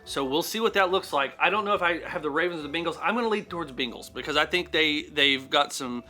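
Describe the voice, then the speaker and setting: A man's voice: fairly high pitch, animated, fast, bright, forceful tone, soft background music. A man co-hosting a comedic sports betting show, making picks in jokey, crude banter.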